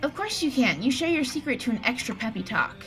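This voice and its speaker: A tipsy woman reads game text with friends, giggly and playful. Her voice is high and bounces around a lot. Soft music plays in the background. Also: big pitch swings, fast. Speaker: player reading game text. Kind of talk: casual let's play chat.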